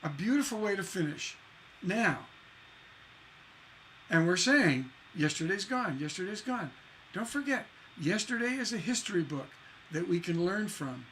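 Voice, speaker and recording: A man's voice: high-pitched, a bit bright, slight background noise. A man giving a songwriting lesson on a livestream. He talks with enthusiasm, repeats phrases for emphasis, asks rhetorical questions and sings out rhythms as "da da da.". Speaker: songwriting instructor.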